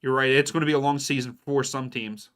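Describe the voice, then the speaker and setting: Brisk and slightly bright, a young adult man's mid-range voice runs relaxed live commentary during a watchalong. He reacts as plays unfold and replies to viewers by name from the chat.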